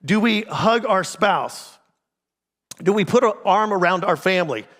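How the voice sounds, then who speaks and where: A man's voice: sits high, lively intonation, measured pace. A middle-aged man preaching a sermon as pastor in a church, talking with the congregation in a conversational way and asking them many questions. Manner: conversational, asks the congregation many questions, drops to a quiet intense voice. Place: church sanctuary. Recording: long church reverb.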